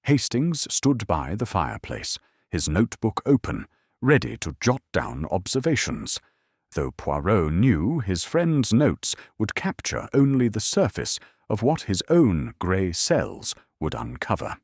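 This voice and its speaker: A man reading a mystery story in a steady, descriptive narration. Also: on the low side, a little slow, gravelly, husky, no echo, studio quality. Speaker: audiobook narrator. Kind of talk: scripted narration.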